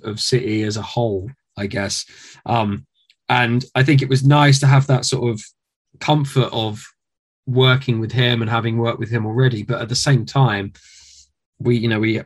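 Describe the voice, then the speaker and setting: Uk guy musician on an interview, loose rambly storytelling, um and like everywhere. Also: mid-range voice. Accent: British. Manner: rambling, animated storytelling with many fillers. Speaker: guest musician. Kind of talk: casual interview.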